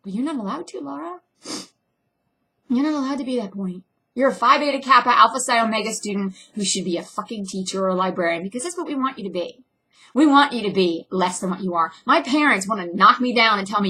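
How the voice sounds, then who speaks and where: A young woman, an actress, speaking bluntly and intensely in an emotional personal vlog monologue, with sudden swings between loud and soft. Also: mid-range voice, expressive, brisk, breathy edge. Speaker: actress and filmmaker.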